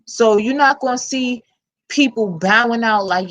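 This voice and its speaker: Slow-talking blunt New York woman. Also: on the high side, a bit bright, dull audio. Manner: blunt, slangy and candid. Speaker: channel host. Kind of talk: casual commentary vlog.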